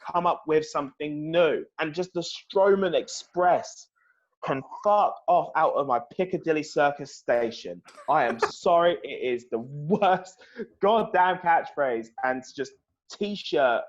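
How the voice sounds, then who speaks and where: A man's voice: on the high side, expressive, unhurried. A man co-hosting a casual review podcast who rants with profane exasperation. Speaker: podcast co-host. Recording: slightly dull lo-fi audio.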